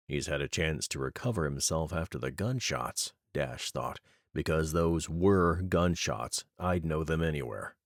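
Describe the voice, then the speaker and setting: A man narrating an audiobook with steady, even storytelling. His voice is very low. The recording is close and dry. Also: no echo. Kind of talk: scripted narration.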